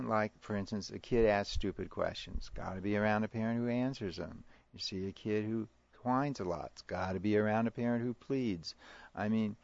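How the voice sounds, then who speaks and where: A middle-aged man, a parenting educator, answering interview questions in a halting way, with restarts and chuckles. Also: fairly low pitch, creaky, a little mellow, no echo. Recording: dry, muffled lo-fi recording.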